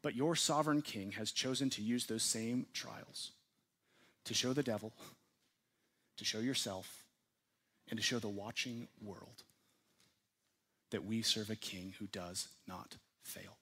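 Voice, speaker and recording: A man preaching a sermon to his church, earnest, putting questions to the listeners and swinging from forceful emphasis to hushed, quiet phrases. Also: lowish voice, a little slow, long pauses, husky. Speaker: pastor.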